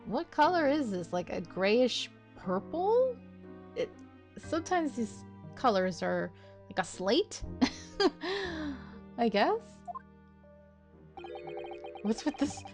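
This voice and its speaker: Slow-talking chatty woman streamer. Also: high voice, sing-song, darkish tone, soft background music. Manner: chatty, laughs often, playful. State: sore throat. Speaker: game streamer. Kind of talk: casual let's-play commentary.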